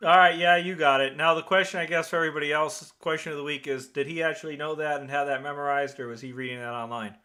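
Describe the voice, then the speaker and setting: Brief: upstate New York man, net control host, chatty rambler, higher and bright tone. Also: level tone, quick pace, hardly any pauses. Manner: chatty and rambling, many fillers and restarts. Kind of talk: casual on-air radio net hosting.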